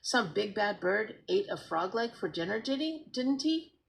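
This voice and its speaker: A woman voicing a timid but eager seven-year-old boy who gets excited easily. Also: medium pitch, unhurried, gravelly, pitched above the performer's own voice.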